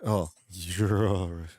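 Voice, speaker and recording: A man's voice: deep voice, dark tone, no echo. A man hosting his channel in casual chat, rambling, laughing often and restarting sentences. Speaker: channel host.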